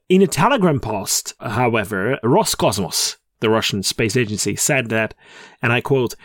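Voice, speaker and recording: A man's voice: medium pitch, no echo, studio quality. A man co-hosting a podcast in casual chat. He jokes, laughs at his own puns and often restarts his sentences. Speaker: podcast co-host.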